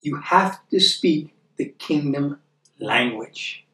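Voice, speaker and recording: American man, Bible teacher, somewhat high voice, chatty with tag questions, slows down for scripture. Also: lively intonation, fairly bright tone. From United States. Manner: chatty, checks in with tag questions like "okay?" and "right?". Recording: echoey room, voice from a distance.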